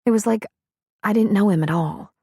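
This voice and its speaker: A woman's voice: mid-range voice, normal speed, warm tone, slightly rough, no echo, clean studio sound. A woman voicing a hurt, guarded young woman in an audiobook, hesitant and wounded. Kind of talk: audiobook character reading.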